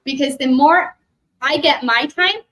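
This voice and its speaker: A woman giving a spiritual workshop talk to a live group, animated, acting out quoted voices and often checking in with "right?", then leading a guided meditation. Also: high-pitched, unhurried, low-quality recording. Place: expo workshop room.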